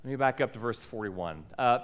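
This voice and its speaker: A man preaching a Sunday sermon from a church pulpit mic, friendly and questioning, with emphatic pauses. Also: medium pitch, expressive. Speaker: pastor. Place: church sanctuary. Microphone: lowered stand or pulpit microphone.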